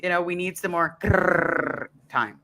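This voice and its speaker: A woman's voice: low voice, moderate pace, a bit bright, a little hiss or hum. A woman hosting a live-stream chat show, talking in an impassioned, ranting way. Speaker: host.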